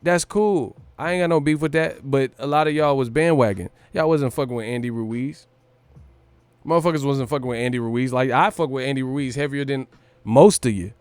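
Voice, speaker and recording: A man's voice: medium pitch, moderate pace, darkish tone, smooth, no echo. A man from California hosting a boxing livestream, brash and profane, riffing hard and breaking into laughter and sung lines. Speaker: boxing stream host. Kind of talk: casual livestream rant.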